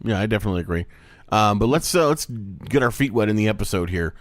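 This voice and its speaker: A man co-hosting a podcast in casual chat, lively, who now and then mimics voices in a high squeal. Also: fast talker, dry recording. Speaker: podcast co-host.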